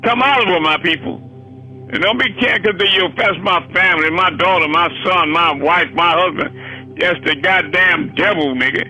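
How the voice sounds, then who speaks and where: A man's voice: high voice, normal speed, pushed and bright, soft background music, rough recording. A man preaching a fiery sermon, swearing freely and hammering rhetorical questions. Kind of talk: impassioned sermon.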